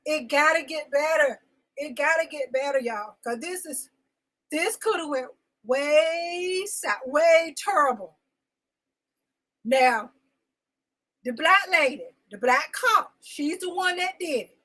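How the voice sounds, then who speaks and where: High, bright emotional woman host. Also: slow, pauses often, low-quality recording. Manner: emotional and insistent, repeating phrases; greets chat viewers by name. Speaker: talk show host. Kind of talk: live-stream venting monologue.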